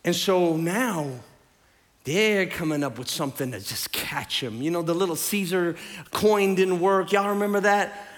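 A man with a Southern US accent from Tennessee, preaching an animated sermon with playful storytelling asides. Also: sits high, unhurried. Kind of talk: lively sermon. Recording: reverberant hall.

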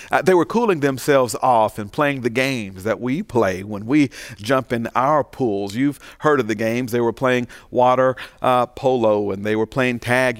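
A man preaching a sermon, telling a folksy parable with animated, building emphasis before moving into the message. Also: mid-range voice, dry recording. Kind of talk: sermon storytelling.

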